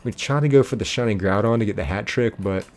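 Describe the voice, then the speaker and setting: A man hosting a live game stream, chatting casually and reading out viewer comments in a relaxed, friendly way. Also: lowish voice, fast talker, a little hiss or hum.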